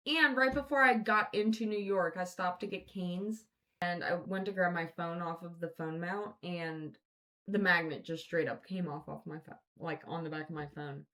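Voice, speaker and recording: A podcast host, a woman, tells stories in a casual, rambling chat packed with swearing and filler words. Her voice is on the low side, with a steady, sharp tone and a moderate pace.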